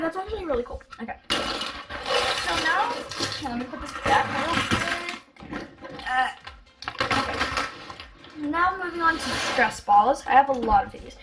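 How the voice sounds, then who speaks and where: A female vlogger chatting excitedly through a casual show-and-tell of her toy collection, with giggles and gasps along the way. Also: high-pitched.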